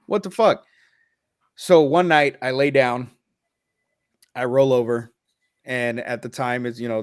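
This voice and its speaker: A man in a casual podcast talk, telling a personal story with blunt, profane candor and loose restarts. His pitch sits in the middle, and the sound is close and dry. He sounds a little choked up underneath. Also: no room sound.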